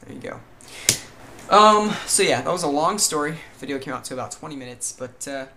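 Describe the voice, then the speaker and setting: A man's voice: mid-range voice, fast, a bit bright, a little hiss or hum. A tired man vlogging in a vague, mixed put-on accent, talking hesitantly with many fillers and restarts. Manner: puts on a vague mixed foreign-sounding accent. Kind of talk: casual chat to camera.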